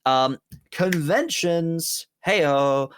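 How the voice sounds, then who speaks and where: Rambling, upbeat man, smooth voice. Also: on the high side, drawn-out words, fairly bright tone. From United Kingdom. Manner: rambling, upbeat, self-mocking. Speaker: tabletop game player plugging his projects. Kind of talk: casual end-of-stream chat.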